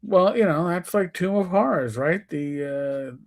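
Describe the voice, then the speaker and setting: A man's voice: sits high, normal speed. A man in his fifties with a New York accent, co-hosting a casual live-stream chat and acting out players' lines as he tells stories. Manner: storytelling, acts out quoted players with shifting voice. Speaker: co-host.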